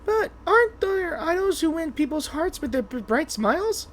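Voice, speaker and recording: An excitable little floating girl chirps and squeals in a high, bouncing voice, as a man puts her on. She is bossy and easily panicked. Her pitch leaps up and down wildly. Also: normal speed, a little hiss or hum, full character voice. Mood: chirpy. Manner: squeaky, shrill exclamations.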